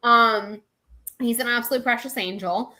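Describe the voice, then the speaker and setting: A woman co-hosting a casual chat show, talking in a gushing, animated way. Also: on the high side, a little slow. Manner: gushing and animated, frequent laughs. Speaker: co-host.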